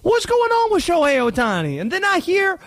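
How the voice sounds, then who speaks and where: A man voicing a high, excitable conspiracy-minded sports fan with a put-on Cajun twang. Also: brisk, dry recording, exaggerated voice. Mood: suspicious. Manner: wild, rambling, suspicious.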